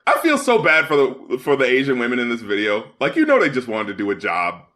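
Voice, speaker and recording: A man co-hosting a podcast in casual chat, heated and profane, his voice climbing into shouts when angry. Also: mid-range voice, huge pitch swings, a little fast. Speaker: podcast co-host.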